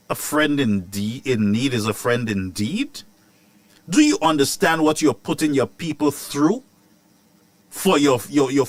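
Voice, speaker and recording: A man, hosting a news commentary show, ranting about politics with rhetorical questions and sharp asides. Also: medium pitch, no room sound.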